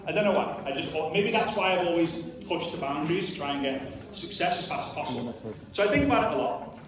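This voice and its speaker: Speaking quickly in a high-pitched voice, a man in his thirties gives an earnest motivational talk before an audience in a large hall. He's emphatic, uses "like" often, and performs little voices. The sound comes from a distant mic in an echoey room, with background noise.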